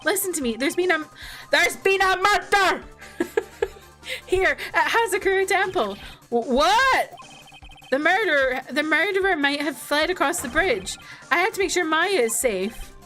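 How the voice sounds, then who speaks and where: Woman doing a blustering, goofy young man in a panic, high-pitched, for a video game. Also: expressive, measured pace, sharp tone, faint music behind, exaggerated voice. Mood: frantic. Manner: frantic and blustering.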